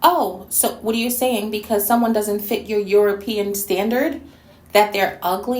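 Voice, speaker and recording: A woman's voice: medium pitch, moderate pace, darkish tone, roomy sound. A woman from New York City hosting a response video, talking bluntly and scolding with plenty of sass. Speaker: YouTube reactor and host.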